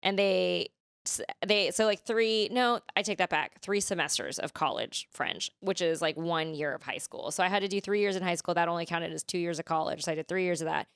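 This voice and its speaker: Woman from california rambling on a podcast, lots of "like", lowish voice, dry close mic. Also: fairly quick, gravelly, clean tone, dry recording. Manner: rambling, many "like" fillers and restarts. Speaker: guest. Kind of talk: casual podcast chat.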